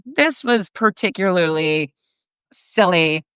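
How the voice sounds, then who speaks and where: A woman race announcer and podcast host telling a story in a casual, animated way, often laughing. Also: on the low side, slow, clear, resonant tone, no room sound.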